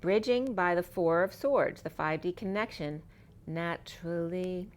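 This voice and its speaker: Low-voiced woman giving a tarot reading. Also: a little slow. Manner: meandering, free-associating wordplay. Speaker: tarot reader. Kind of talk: spiritual tarot reading monologue.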